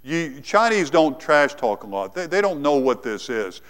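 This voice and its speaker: A man preaching a sermon, telling the story dramatically and swinging from lively to hushed. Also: fairly high pitch, normal speed, clean tone. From United States.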